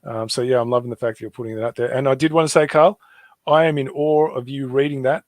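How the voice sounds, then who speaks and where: A man's voice: mid-range voice, steady tone, quick pace, no room sound. A man with an Australian accent hosting an online show, talking earnestly and casually, repeating himself with fillers. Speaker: host.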